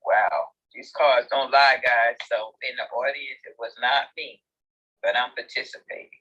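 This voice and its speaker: A man hosting a casual chat in an audio room, animated and exclamatory, laughing often as he talks. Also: medium pitch, measured pace, slightly rough, dull audio. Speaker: host.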